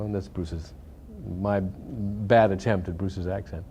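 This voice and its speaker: A man's voice: sits low, fairly even intonation, unhurried, mellow, slight background noise. A middle-aged man, an actor talking casually and reflectively in an interview, with many fillers and restarts. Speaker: actor interviewed about a film.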